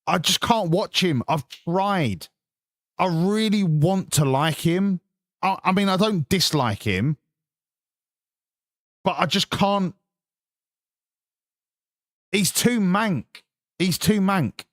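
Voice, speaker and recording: A man's voice: high-pitched, lively intonation, takes it slowly, pauses often, no echo, studio quality. An English man hosting a stream, chatting in a sarcastic, sweary, ranting way. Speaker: stream host. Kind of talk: casual chat.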